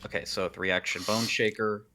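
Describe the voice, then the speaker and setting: A man playing a tabletop game, talking haltingly and laughing often. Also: fairly low pitch, flat delivery, a loud crowd. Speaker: player.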